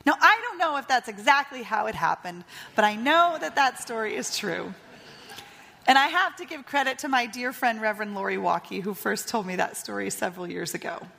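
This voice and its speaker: A woman pastor in her thirties preaches with a high, bright-pitched voice, spinning a story and voicing its characters. Her words ring out with the long reverb of a church hall. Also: animated, normal speed, vocal fry. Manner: storytelling, retelling a tale with voiced lines. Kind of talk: sermon.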